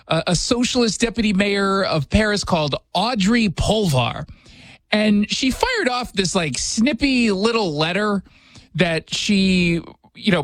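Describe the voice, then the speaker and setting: Male radio host, sarcastic and joking, high-pitched, close dry mic. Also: a bit bright, no echo. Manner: sarcastic, joking, quick asides. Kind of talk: casual commentary chat. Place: radio studio.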